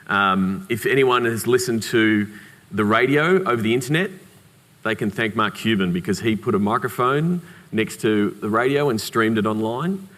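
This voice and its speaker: An Australian man giving a conference keynote, telling anecdotes in a lively way with humorous asides. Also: lowish voice, moderate pace. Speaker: keynote speaker. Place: conference hall. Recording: reverberant conference hall.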